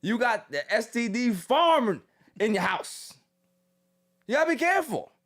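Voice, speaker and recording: A male podcast host in casual ranting commentary, loud and mocking, slipping into quick impressions. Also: very high voice, big pitch swings.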